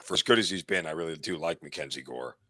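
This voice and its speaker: A man's voice: a bass voice, fast talker, sharp tone, dry recording. A man talking sports betting as an analyst, blunt and self-deprecating, working through stats. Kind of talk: casual sports betting talk.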